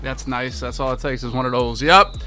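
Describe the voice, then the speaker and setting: A young man giving live commentary while playing a football video game, swearing often and swinging from low muttering to loud, exasperated outbursts. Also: fairly even intonation, brisk, over music. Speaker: gaming video creator.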